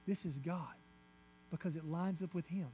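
A man delivers a sermon in a high voice. He preaches emphatically, repeating his points insistently, and moves between loud declarations and quiet asides. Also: moderate pace, a little hiss or hum. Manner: repetitive, insistent phrasing. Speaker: pastor.

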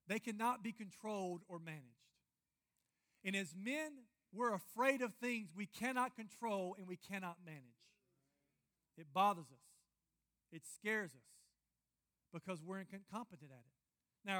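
A man's voice: sits high, pushed and bright. A man preaching a sermon, candid and personal, speaking directly to the congregation. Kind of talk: sermon to a men's audience.

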